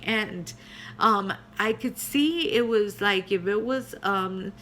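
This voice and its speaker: A middle-aged woman pastor telling her personal testimony in an earnest way, with many pauses and fillers. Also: medium pitch, fairly bright tone, a little hiss or hum.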